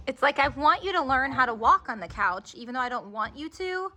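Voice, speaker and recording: A woman's voice: sits high, expressive, normal speed, hardly any pauses, sharp tone, slight background noise. A woman, a mother filming a casual home vlog in her family home, talking playfully and cooing at her toddler. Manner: playful, coos and teases a toddler.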